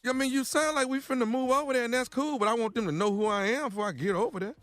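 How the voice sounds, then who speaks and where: A man's voice: very high voice, rapid-fire, fairly bright tone, no room sound, soft background music. A man who is a regular on a radio morning show, talking in a playful, joking way.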